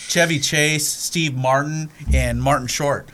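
A man co-hosting a casual podcast chat about old comedy films, retelling scenes in an animated way. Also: on the high side, slow pace. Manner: animated storyteller, acts out scenes. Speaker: podcast co-host.

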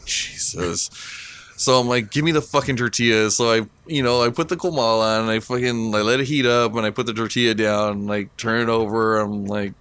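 A man's voice: lowish voice, fairly bright tone, smooth. A man telling profane, laughing stories in a casual podcast chat. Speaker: podcast co-host.

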